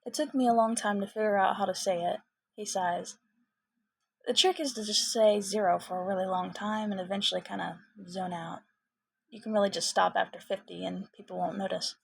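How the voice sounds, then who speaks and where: A woman voicing a shy, brainy young male mutant turtle in a fan fiction reading, talking softly and modestly with hesitant pauses. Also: mid-range voice, steady tone, creaky, slightly rough. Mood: shy, gentle.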